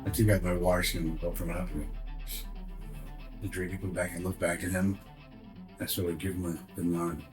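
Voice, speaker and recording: A very deep-voiced man plays in a tabletop fantasy game, speaking quietly and earnestly as his character. Faint music plays in the background. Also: little pitch movement, moderate pace, long pauses, low-quality recording. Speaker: player. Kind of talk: tabletop role-play.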